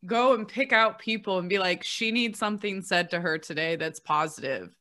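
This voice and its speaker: A woman's voice: mid-range voice, moderate pace, fairly bright tone. A young woman in casual conversation, bubbly, laughing often and saying "like" a lot.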